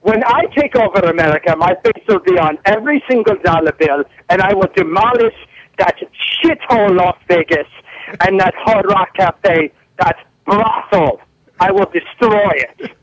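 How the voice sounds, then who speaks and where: A man's voice: high voice, expressive, normal speed, no echo. A man calling in on the phone, putting on a grandiose fake Italian boss who makes threats in broken English. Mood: gloating. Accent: put-on Italian. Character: boastful Italian-accented male team boss caller. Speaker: prank caller. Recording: phone line.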